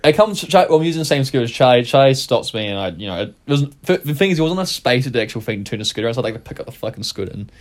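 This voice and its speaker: A man's voice: mid-range voice, lively intonation, racing, hardly any pauses. Swearing young New man. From New Zealand. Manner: profane, rambling, laughs through his stories. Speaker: podcast co-host. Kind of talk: casual storytelling chat.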